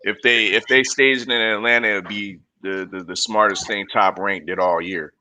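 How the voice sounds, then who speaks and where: A man co-hosting casual boxing talk, speaking haltingly with many fillers. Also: lowish voice, fairly even intonation, bright, forceful tone, dry recording. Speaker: co-host.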